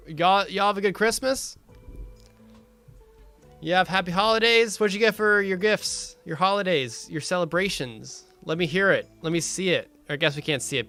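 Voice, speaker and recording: A young man chats loosely on his stream, swearing freely and laughing between stories. His voice sits a bit high and sounds bright and forward. Soft music plays behind him. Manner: laid-back, swears, laughs often, reads chat aloud. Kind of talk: casual stream chat.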